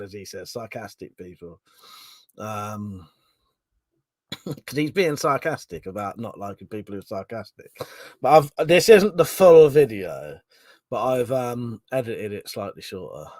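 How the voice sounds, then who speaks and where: A man's voice: medium pitch, no echo. A man from England, hosting a casual livestream, reading out viewer comments, laughing often and swearing casually. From southern England. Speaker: livestream host.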